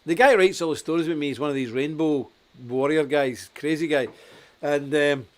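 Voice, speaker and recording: A man's voice: on the high side, fairly quick. A man from Scotland hosting a political talk show, blunt and emphatic, laughing at his own stories.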